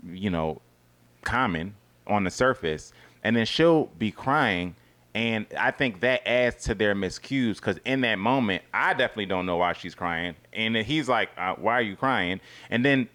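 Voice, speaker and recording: A man co-hosting a casual TV review chat, talking loosely with restarts and drifting into a quiet murmur. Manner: conversational, restarts and trails off in a low murmur. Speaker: co-host of a reality TV review show.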